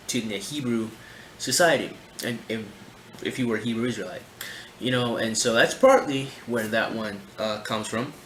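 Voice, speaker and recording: A man hosts a loose, chatty commentary. He talks animatedly, fills his thoughts with asides to his audience, and wanders between points. The recording is roomy and echoey, with a faint hiss of background noise. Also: mid-range voice. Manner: rambling, animated, heavy on fillers like "you know" and "my friend". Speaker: channel host reacting to videos. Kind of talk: casual commentary.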